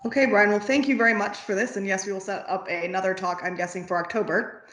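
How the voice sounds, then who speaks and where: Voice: medium pitch, fairly even intonation, fast, fairly bright tone, echoey room. A host on a video call, upbeat, thanking the guest speaker. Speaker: event host.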